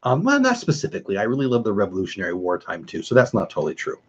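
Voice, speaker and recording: A middle-aged man with a husky, slightly breathy voice hosts a relaxed late-night livestream from home. He rambles from one story to the next and greets viewers in chat by name. The audio is a bit dull and lo-fi. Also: fairly low pitch, very fast. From California. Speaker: livestream host. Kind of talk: casual livestream chat reading viewer comments.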